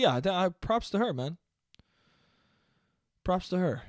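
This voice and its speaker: High-voiced man ranting on a podcast. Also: expressive, unhurried, no room sound, studio quality. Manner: rambling, profane, laughing. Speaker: podcast host. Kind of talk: casual comic monologue.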